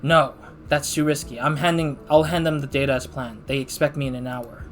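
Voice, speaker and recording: A man's voice: mid-range voice, fairly even intonation, brisk, soft background music, close to an everyday voice. A man voicing a determined male agent and desperate father, reading game dialogue aloud in an earnest, tense way. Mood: firm.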